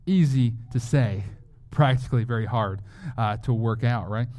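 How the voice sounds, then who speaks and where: A man's voice: mid-range voice, normal speed, a little mellow. A man preaching a sermon as a pastor, in a conversational way, often asking rhetorical questions.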